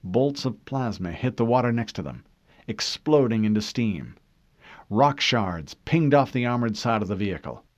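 A man reading scripted audiobook narration in a measured, dramatic storytelling manner. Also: medium pitch, expressive, no room sound, clean studio sound.

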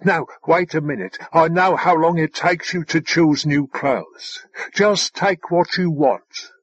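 A man voicing a smooth, dryly sardonic machine drone in an audiobook. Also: fairly high pitch, takes it slowly, no room sound, dull audio. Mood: patient. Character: dry-witted ship drone, a machine, unflappable. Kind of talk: audiobook character voice.

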